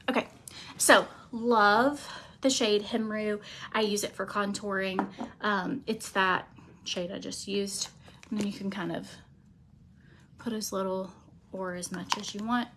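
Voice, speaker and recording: A woman chatting casually through a makeup routine, rambling with many fillers and pausing to talk to her cat. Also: mid-range voice, fairly even intonation, background noise. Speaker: beauty vlogger.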